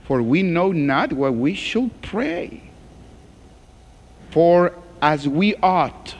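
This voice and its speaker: A man preaching as a pastor, reading scripture slowly and dropping to a hushed groan in prayer. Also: medium pitch, long reverb tail. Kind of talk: sermon.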